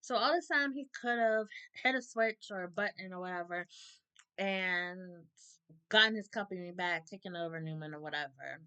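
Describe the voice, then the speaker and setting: A woman's voice: on the low side, moderate pace, bright, forceful tone, smooth, highs cut off. A woman giving a casual, opinionated episode recap, laughing often and acting out characters' lines. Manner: chatty, opinionated, laughs often, acts out quotes. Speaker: soap opera reviewer.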